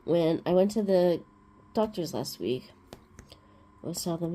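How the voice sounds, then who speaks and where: Woman host, casual rambling storyteller, lowish warm tone. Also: animated, a little slow, pauses often, a little hiss or hum. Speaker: crafting vlog host. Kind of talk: casual chat.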